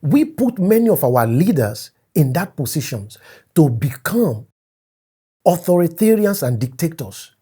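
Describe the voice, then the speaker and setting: A man's voice: a little high, sing-song, a little slow, warm tone, husky. A man from Africa giving an emphatic opinion vlog, repeating his key points and stressing words as he goes. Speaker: commentator.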